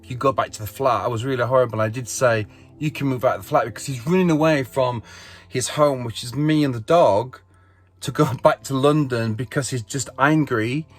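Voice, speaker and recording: A middle-aged man vlogging, telling a story in a rambling, exasperated way. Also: medium pitch. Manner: rambling, exasperated, quick asides. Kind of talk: casual vlog storytelling.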